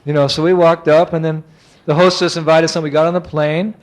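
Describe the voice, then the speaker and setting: A man, a monk, giving an animated, anecdotal lecture and chuckling often as he tells stories. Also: fairly high pitch, a little fast.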